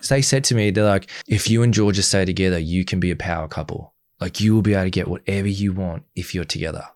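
A man's voice: low voice, fast talker, no echo, clean studio sound. A young man in a candid interview, speaking bluntly and acting out the things people said to him. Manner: blunt and animated, acting out quoted dialogue. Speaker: interview guest.

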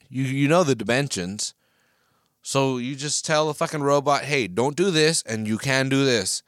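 A man's voice: medium pitch, dry recording, clean studio sound. A young man hosting his own podcast alone, swearing a lot, rambling with restarts and working himself up into heated rants. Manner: profane, rambling, with many restarts; gets loud and heated. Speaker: podcast host. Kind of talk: casual solo podcast rant. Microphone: podcast microphone.

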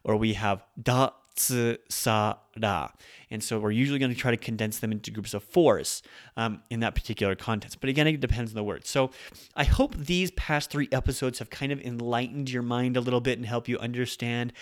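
A young adult man hosting a casual Japanese language lesson, explaining loan words in a relaxed, chatty way with fillers and quick self-corrections. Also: medium pitch. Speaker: host teaching Japanese.

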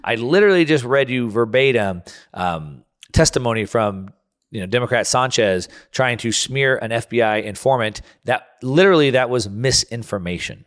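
Again hosting his talk show, the man sounds animated and fairly bright at medium pitch, now at a moderate pace. His political rant runs hot, with frequent restarts and stumbles.

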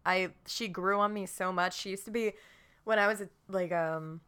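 A woman's voice: medium pitch, moderate pace, smooth. A young woman, a podcast guest, chatting casually and telling stories with lots of giggling. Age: young adult. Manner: giggly, animated storytelling. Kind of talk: casual chat.

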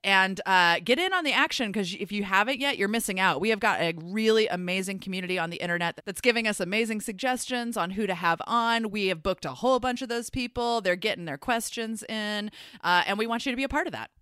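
A woman's voice: mid-range voice, quick pace, hardly any pauses, sharp tone, smooth, no room sound, studio quality. A woman co-hosting a podcast, plugging the show's social channels and teasing her co-host and guest in upbeat casual chat. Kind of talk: casual chat with show plugs.

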